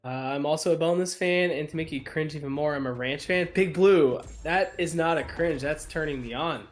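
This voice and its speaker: A man's voice: fairly high pitch, fairly quick, soft background music. A man hosting a gaming stream in casual chat, upbeat and joking, reading viewer comments aloud. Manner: upbeat, reads chat aloud, jokes around. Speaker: streamer host.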